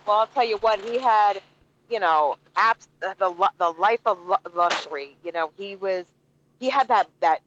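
A woman co-hosting a casual chat, warm and chatty, laughing easily and searching for words. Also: mid-range voice, normal speed, dull audio, a little hiss or hum. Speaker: co-host.

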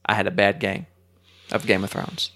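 A man's voice: deep voice, level tone, moderate pace, gravelly, sharp tone. A man co-hosting a podcast, chatting casually and rambling through jokes with frequent laughter. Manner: joking, rambling, often laughing. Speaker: podcast co-host. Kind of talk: casual chat.

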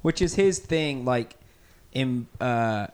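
A man on a podcast, chatting casually and tossing in joking, offhand remarks. His voice sits at a middling pitch. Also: expressive, slow, smooth. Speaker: podcast co-host. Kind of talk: casual chat.

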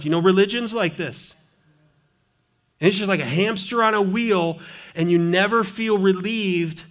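Animated preacher man, fairly high voice. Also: moderate pace. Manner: animated, swings from loud emphasis to hushed intensity; conversational, with playful asides. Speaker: pastor. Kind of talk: sermon. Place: church sanctuary.

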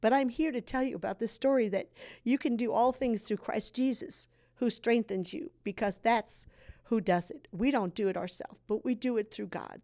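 A woman in her sixties sharing her personal testimony as a guest, earnest and emotional, speaking with deep faith. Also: normal speed, warm tone. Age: 60s.

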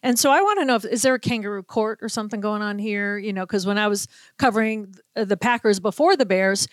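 A woman from Boston, a sports reporter hosting a casual talk show, telling a lively anecdote full of acted-out quotes. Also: medium pitch, fast talker, dry recording. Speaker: sports reporter, podcast host. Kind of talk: casual storytelling chat.

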